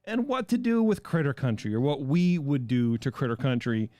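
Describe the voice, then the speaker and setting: A man's voice: mid-range voice, big pitch swings, normal speed, warm tone, no room sound. A man hosting a casual podcast chat, rambling and self-deprecating, who has a cold. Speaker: podcast host.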